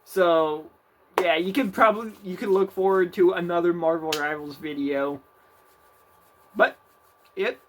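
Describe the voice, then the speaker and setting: A man with a notably high-pitched voice talks his way through a card game in loose, casual commentary. He rambles, swears freely and keeps cutting himself off to restart his sentences. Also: unhurried, pauses often, a bit bright, slight background noise. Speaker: gaming video creator.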